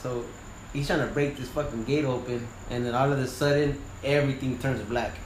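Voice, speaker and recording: A man who works as a wildland firefighter and sawyer, telling a story in casual conversation. He is animated and profane, and he acts out the voices of the people he quotes. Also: mid-range voice, fairly quick. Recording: roomy with faint noise.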